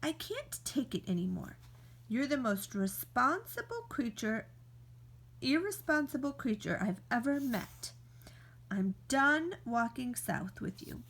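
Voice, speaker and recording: Brief: teacher doing an anxious, grumbling squirrel, slow worried storybook voice. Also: female voice, on the high side, big pitch swings, gravelly, fairly bright tone, slightly rough, heavily acted. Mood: exasperated. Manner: fretful, exasperated. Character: nervous grumpy male squirrel. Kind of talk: reading aloud to a class.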